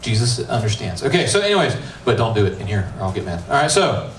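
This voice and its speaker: Very animated and quick, this lowish male voice belongs to an American middle school pastor joking through a casual youth sermon with slangy asides while reading scripture. Recorded in a church youth room, the sound is roomy and distant, with faint hiss.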